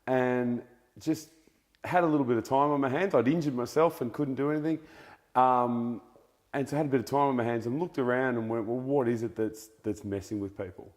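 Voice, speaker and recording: Animated Australian bloke, casual guest. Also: male voice, mid-range voice, a little fast, long reverb tail. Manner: loose, blokey, animated with swearing. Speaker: guest author. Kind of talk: casual interview chat.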